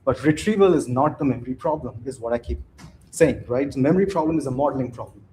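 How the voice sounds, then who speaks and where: A man presents a technical talk at a live conference, with a mellow, darkish tone. His delivery is loose and conversational, full of restarts and quick "right?" checks with the audience, and a faint hiss sits under the voice. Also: mid-range voice. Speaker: conference speaker.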